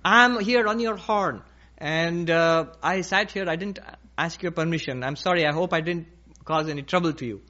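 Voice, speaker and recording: A man voicing a small, polite male mosquito who speaks slowly and courteously, apologizing. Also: fairly high pitch, pushed and bright. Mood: apologetic. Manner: timid, slow and courteous. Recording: dull lo-fi recording.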